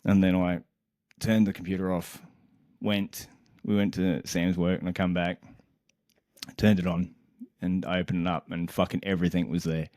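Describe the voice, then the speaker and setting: A young man on a casual podcast, co-hosting and telling a story in an animated, exasperated way, swearing constantly and laughing mid-sentence. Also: low-pitched, normal speed, no echo, clean studio sound. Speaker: podcast co-host.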